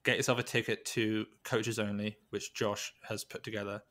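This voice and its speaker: A man with a low voice talks reflectively in a podcast interview. He speaks haltingly, circling back and restarting his sentences as he works through his thoughts. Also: flat delivery, a bit bright. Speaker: podcast guest, weightlifting coach.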